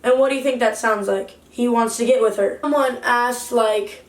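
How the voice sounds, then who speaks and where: A woman's voice: a little high, steady tone, normal speed. A young woman vlogger giving a heated, indignant storytime rant to the camera. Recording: roomy echo, distant from mic.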